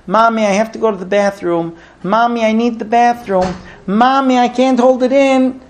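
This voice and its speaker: A man voicing a whiny toddler boy who pleads in a high voice. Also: moderate pace, a little hiss or hum. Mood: pleading.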